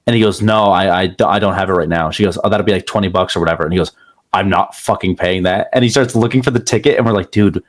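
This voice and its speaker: Fast-talking low-voiced man telling anecdotes. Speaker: podcast co-host. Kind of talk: casual chat.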